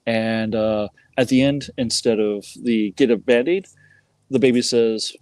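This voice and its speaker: A man's voice: mid-range voice, fairly even intonation, unhurried, a little mellow, no room sound. A man guest telling a joke ending by a campfire outdoors, laid-back and playful.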